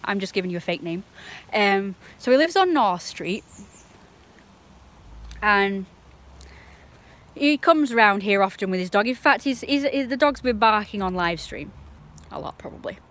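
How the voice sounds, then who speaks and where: A woman's voice: mid-range voice, expressive, moderate pace, fairly bright tone. A young woman on a live stream, telling a rambling, indignant story and swearing freely.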